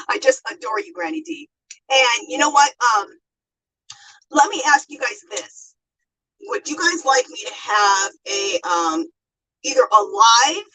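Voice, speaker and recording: A woman's voice: a little high, lively intonation, unhurried, pauses often, bright, forceful tone, far from the mic, poor audio. A middle-aged American woman hosting a casual livestream, chatting and laughing as she reads viewer comments aloud. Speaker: livestream host.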